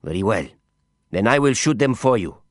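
A man's voice: lowish voice, normal speed, no echo, clean studio sound, lightly acted. A man putting on a cool, dangerous Frenchman. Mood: cool, insistent. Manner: calm, clipped and quietly insistent. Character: cool, dangerous Frenchman with a calm, commanding manner.

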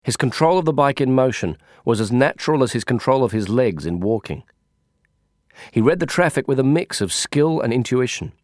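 A man reads a first-person novel in a wry, descriptive way, his voice moving freely up and down through each sentence. The recording is close and dry from a studio microphone, with no room echo. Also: medium pitch. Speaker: audiobook narrator. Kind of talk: first-person audiobook narration.

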